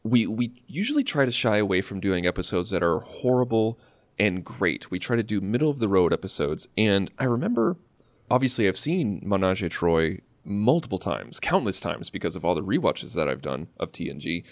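A man's voice: lowish voice, sing-song, normal speed, dry recording. A man co-hosting a podcast in casual chat, rambling with fillers and restarts. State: slight cough. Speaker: podcast co-host.

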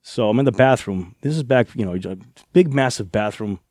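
Casting: quick, chatty ex-wrestler guest, dry close mic. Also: male voice, mid-range voice, dry recording. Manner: animated anecdotes with laughs. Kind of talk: podcast storytelling.

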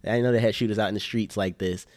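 A man's voice: fairly low pitch, fairly even intonation, racing, darkish tone, no echo. A young man casually telling a funny story on a podcast, laid-back and slangy, swearing freely. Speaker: podcast co-host.

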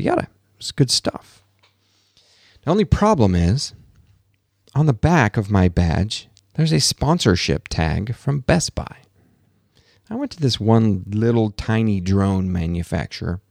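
A man hosting a podcast from his home office, telling an animated story in a casual monologue and acting out the quotes. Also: lowish voice, gravelly, no echo, studio quality. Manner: animated storytelling, acts out quotes, laughs at himself. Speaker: podcast host.

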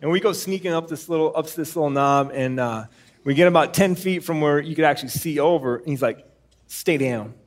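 A man with a slightly high voice tells a long, rambling anecdote on stage for a live podcast. He trails off with fillers and chuckles as he goes. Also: fast talker. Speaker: podcast co-host.

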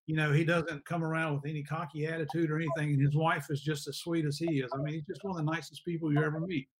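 A man speaking as an interview guest over a video call, telling stories in a lively way. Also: fairly high pitch, fast, slight background noise. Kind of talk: casual interview talk.

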